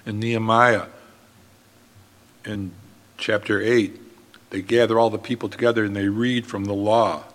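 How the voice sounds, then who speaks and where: A man preaching a sermon as pastor, in an earnest, steady manner. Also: lowish voice, unhurried, pauses often, big-room sound.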